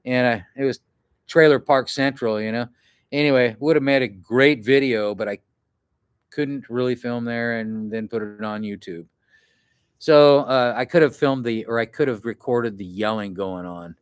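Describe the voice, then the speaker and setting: A man's voice: medium pitch, normal speed, clean tone, no room sound, clean studio sound. Rambling, profane man telling a story. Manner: rambling and profane, acts out what others shouted. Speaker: outdoor adventure vlogger. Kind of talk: casual storytelling to camera.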